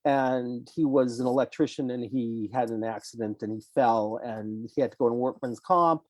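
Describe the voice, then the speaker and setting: Older guy psychologist telling a therapy story, acts out the quotes, mid-pitch voice, dry sound. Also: normal speed, no room sound. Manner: animated storyteller, acting out clients' lines. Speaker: clinical psychologist guest. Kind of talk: case story told in a conversation.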